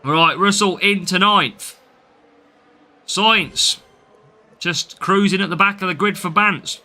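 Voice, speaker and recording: A man with a Midlands accent from the English Midlands speaks in a high, sharp voice at a slow pace. He's chatting through a live game stream, replying to viewers' comments while he plays.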